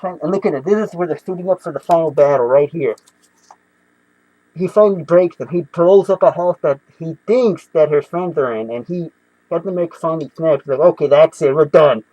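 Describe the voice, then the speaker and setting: A young man casually reviewing comic books, excitable and rambling with many restarts. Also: on the high side, brisk, dry recording, dull audio.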